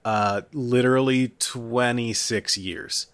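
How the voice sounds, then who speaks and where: A young man from Kentucky co-hosting a podcast, dry and deadpan in casual comedic chat. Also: medium pitch, takes it slowly, clear, resonant tone. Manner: dry deadpan, directing takes like a producer. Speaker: podcast co-host.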